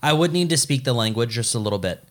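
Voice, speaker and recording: A man's voice: mid-range voice, animated, fast. A Canadian man co-hosting a podcast, bantering casually and laughing often. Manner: jokey, swings into loud laughing put-on voices. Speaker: podcast co-host.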